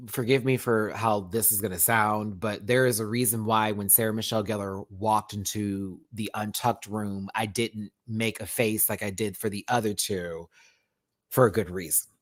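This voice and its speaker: A man hosting a live-stream review, chatting casually and swinging from loud outbursts to muttered asides. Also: lowish voice, fairly even intonation, moderate pace. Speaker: YouTube reality TV reviewer.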